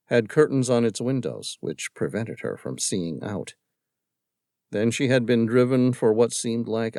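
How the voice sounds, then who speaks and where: A male audiobook narrator reading a novel in steady, even storytelling. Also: lowish voice, no room sound, clean studio sound. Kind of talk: scripted narration.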